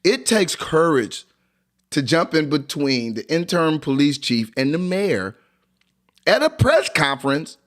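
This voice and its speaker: A man reacting to press conference footage in animated commentary, exclaiming and laughing as he talks. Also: fairly high pitch, unhurried. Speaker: commentary video host.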